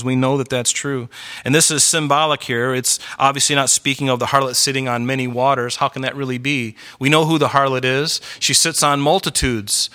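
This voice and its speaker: Male pastor, middle-aged, bright tone, emphatic sermon, rhetorical questions. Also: medium pitch, fairly even intonation, normal speed.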